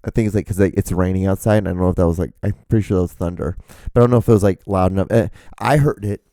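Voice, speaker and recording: A man's voice: deep voice, steady tone, rapid-fire, warm tone, no echo, clean studio sound. A man hosting a casual solo podcast, rambling, swearing and poking fun at himself. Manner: rambling, profane, self-mocking. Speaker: podcast host. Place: indoors, rain outside. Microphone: microphone, host wearing earphones.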